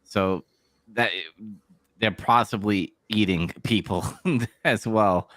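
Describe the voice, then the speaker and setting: A man's voice: lowish voice, slow pace, fairly bright tone, no echo, clean studio sound. A man co-hosting a casual podcast chat about a horror game, laid-back and chuckling often. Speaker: podcast co-host.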